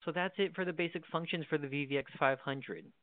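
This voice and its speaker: Fairly high-pitched and brisk, this male tutorial presenter explains a desk phone's basic functions plainly, step by step. The recording has no echo and a dry, narrow, phone-like quality.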